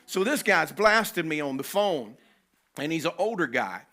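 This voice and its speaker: Bright-voiced man telling stories. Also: a little high, moderate pace. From North Carolina, US. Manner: animated, emphatic storyteller. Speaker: conference speaker. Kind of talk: personal storytelling talk. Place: conference venue.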